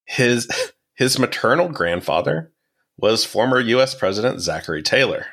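A man's voice: medium pitch, lively intonation, moderate pace, creaky, fairly bright tone. A man hosting a podcast, telling a history story in a casual, explanatory way with dry asides. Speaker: podcast host.

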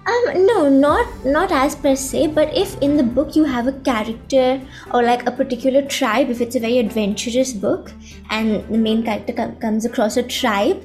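Teen girl guest, high voice, thoughtful and a bit hesitant, soft music behind. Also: moderate pace. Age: teens. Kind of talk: casual chat.

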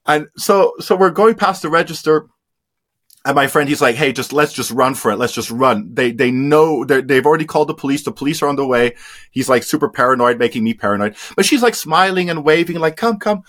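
A man's voice: mid-range voice, a little fast, a bit bright. A man telling his story as an interview guest, candid and casual, swearing freely and often trailing into fillers.

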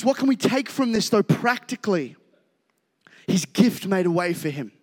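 A man preaching a sermon as a pastor, conversational and energetic, rising into shouts when fired up. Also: high-pitched, moderate pace. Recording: reverberant hall.

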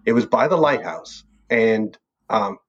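Husky man reminiscing with easy laughs. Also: on the low side, animated, unhurried. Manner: rambling, laughs often between phrases. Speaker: birding tour leader. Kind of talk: casual reminiscing chat. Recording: dull lo-fi sound.

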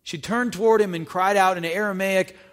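High-voiced preacher in a reverberant hall. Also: male voice, fairly even intonation, fairly quick. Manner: reads verses then explains them conversationally, asking questions. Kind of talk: Bible teaching, reading scripture with commentary.

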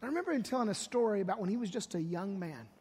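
A male pastor telling a long story in a sermon, repeating "he said" and building to loud, emphatic bursts. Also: high voice, lively intonation, racing, husky. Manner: retells a story with many "he said" tags, rising to loud emphatic bursts. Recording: long reverb of a church hall.

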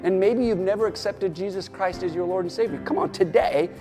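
A man's voice: sits high, a little fast, in a large hall, music in the background. A man preaching a sermon as pastor, rousing his listeners and urging them on with a repeated "come on.". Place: church or studio, preaching to an online audience.

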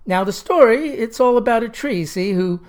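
A woman's voice: fairly high pitch, expressive, moderate pace, a little mellow. A woman telling a comic story in a wry, folksy, drawling manner. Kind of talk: comic monologue.

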